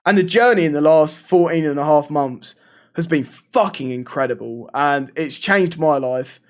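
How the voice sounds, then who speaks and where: A man hosting a live-streamed podcast, swearing freely and telling animated stories in casual chat. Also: fairly high pitch, normal speed. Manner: swears a lot, animated storytelling.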